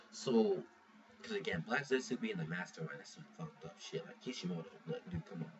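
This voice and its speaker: A man talks through a manga chapter in a loose, rambling review, swearing freely and stumbling over his own sentences. His voice sits low but swings up and down a lot. He is recorded from a little way off the mic, so he sounds muffled, with a faint hiss underneath. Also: huge pitch swings, a little fast, far from the mic. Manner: rambling, profane, restarts a lot. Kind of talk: casual spoken review.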